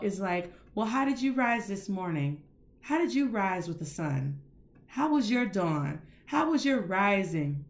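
A woman teaching a lively classroom lesson, spelling out words slowly. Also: mid-range voice. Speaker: Spanish teacher.

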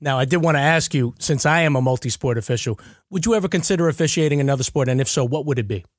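A man hosting a podcast, a multi-sport official, asking relaxed conversational questions. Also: medium pitch, quick pace, dry recording, studio quality. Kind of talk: casual interview questions.

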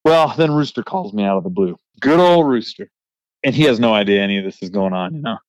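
A man who works as a trucker, hosting a podcast and telling an animated, frustrated story in casual chat with a laugh now and then. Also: lowish voice, fast, no echo, poor audio. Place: remote recording.

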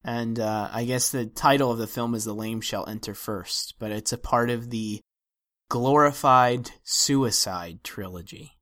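A man's voice: medium pitch, measured pace, fairly bright tone. A man hosting a film podcast in casual discussion, talking in a wry, hesitant way with many restarts. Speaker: podcast host.

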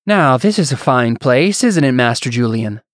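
A man voicing a pampered, showy nobleman who talks in a musical, drawling, overly loud way. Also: mid-range voice, animated, moderate pace, no echo, clean studio sound, close to an everyday voice. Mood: pompous. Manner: loud, drawling and self-satisfied.

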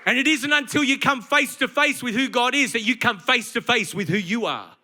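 Man, sermon, very high voice, bright tone, emphatic conversational delivery. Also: brisk. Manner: emphatic, conversational preaching with acted asides. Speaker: preacher.

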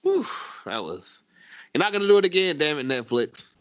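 A man co-hosts a casual podcast, his pitch swinging up and down as he talks. He stammers, restarts and swears freely. The sound is dry and a little dull. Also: very animated, moderate pace, fairly bright tone, dry recording. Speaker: podcast co-host. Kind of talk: casual chat recapping a TV show.

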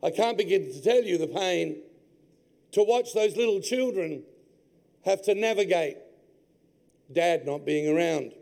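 A man, preaching a sermon in a large church hall and telling his own family story with deep feeling. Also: expressive, a little slow, vocal fry, pauses often, darkish tone. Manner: heartfelt personal storytelling. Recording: long hall reverb.

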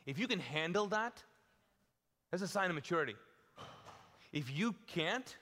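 A man's voice: sits high, lively intonation, moderate pace, fairly bright tone, long reverb tail. A man preaching a live sermon as a pastor, talking casually and acting out the lines he quotes. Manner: conversational, playful, acts out quotes with shifting tone. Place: church auditorium.

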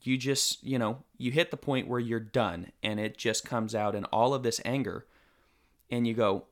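A man's voice: mid-range voice, normal speed, a bit bright. A man co-hosting a podcast discussion, arguing his points emphatically in long runs. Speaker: co-host.

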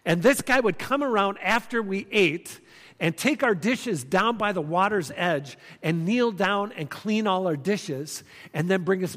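A man's voice: sits high, a bit bright. A man in his fifties preaching a sermon, earnest and conversational, telling stories with emphatic repeats. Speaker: pastor. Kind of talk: sermon with storytelling. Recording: long hall reverb.

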